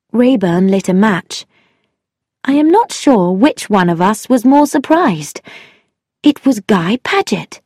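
Slow, measured woman storyteller. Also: medium pitch, animated, a little mellow, dry recording, clean studio sound. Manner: measured, deliberate reading. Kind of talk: scripted narration.

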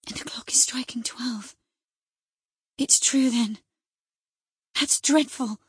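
A feverish young noblewoman, shaken and breathless, as a woman reads her in an audiobook. Her husky, breathy voice sits a little higher than the narration and slips into anxious whispers. The recording is close and dry. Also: slow pace, no room sound, full character voice. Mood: frightened. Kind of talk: audiobook character reading.

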